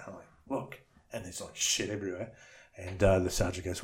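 A man's voice: on the low side, moderate pace, sharp tone. A man telling crude nightclub stories in a casual podcast chat, swearing and acting out the people he quotes. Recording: echoey room.

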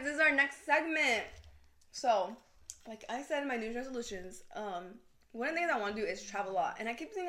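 A young woman with a fairly high voice chatting on a podcast, giggling easily and filling her talk with "like" and "you know." Her voice rings a little in an echoey room. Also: bright, forceful tone. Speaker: podcast co-host. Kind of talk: casual chat. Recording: roomy echo.

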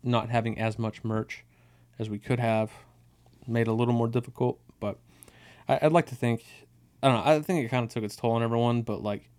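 A man's voice: mid-range voice, fairly even intonation, brisk, a little mellow. A man co-hosting a podcast, telling tour stories in a loose, rambling way with a lot of swearing. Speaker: podcast co-host. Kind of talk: casual chat.

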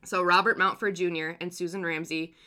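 A woman's voice: on the low side, fairly even intonation, a little fast, bright, forceful tone, clear, resonant tone. A young adult woman co-hosting a casual podcast, giggling, swearing freely and repeating herself as she sets up a true crime story.

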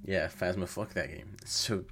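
Podcast co-host, male, lowish voice, blunt profane banter. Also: normal speed, fairly bright tone. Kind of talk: casual chat.

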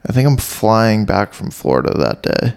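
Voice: mid-range voice, big pitch swings, normal speed, vocal fry, a little mellow. A young adult podcast host in casual chat, playful and rambling, often restarting sentences.

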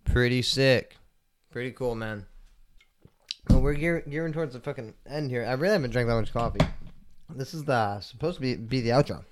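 A young man chats loosely on his own podcast, clearly high and in no hurry. His talk wanders, full of "like" and casual swearing. His voice sits at an ordinary pitch and comes through smooth and clean. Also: normal speed. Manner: rambling, profane, laid-back, lots of "like" fillers. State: stoned. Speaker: podcast host. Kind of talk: casual solo podcast chat.

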